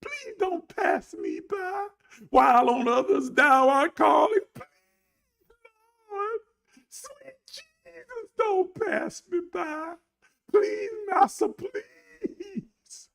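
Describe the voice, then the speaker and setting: A man's voice: extremely high pitch, animated, extremely slow, gravelly, fairly bright tone, voice pushed up, heavily acted. A man putting on a wailing, groveling churchgoer. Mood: wailing pleading. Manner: whining, wailing pleas. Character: groveling, self-pitying churchgoer begging for blessings.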